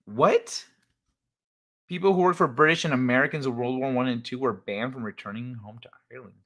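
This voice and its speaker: A man's voice: medium pitch, fairly quick, fairly bright tone. A man hosting a casual livestream from home on a desk mic, reading chat aloud and joking crudely, rambling with restarts. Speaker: livestream host. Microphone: desk microphone.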